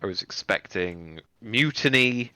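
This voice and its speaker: A man's voice: fairly low pitch, lively intonation, measured pace, pushed and bright, smooth, no echo. A man playing a tabletop game over a call, joking and exasperated. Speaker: player. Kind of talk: casual tabletop game chat.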